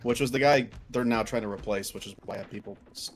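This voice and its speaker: A man's voice: fairly low pitch, fast talker. A man chatting casually as a guest, telling a work story in a laid-back, swearing way. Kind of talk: casual chat.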